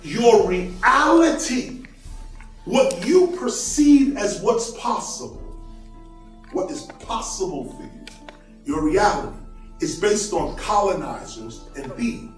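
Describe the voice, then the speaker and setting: A man lectures to a crowd in a high, lively voice that leaps around in pitch. He preaches with emphasis and chuckles between points. The sound is echoey and distant, with faint music in the background. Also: slow. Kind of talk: public lecture to an audience.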